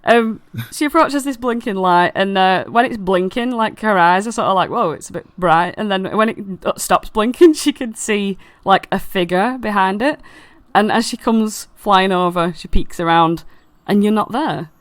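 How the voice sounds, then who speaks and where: A woman's voice: mid-range voice, moderate pace, hardly any pauses, no echo. A woman narrating as dungeon master of a tabletop game, loose and giggly with many fillers.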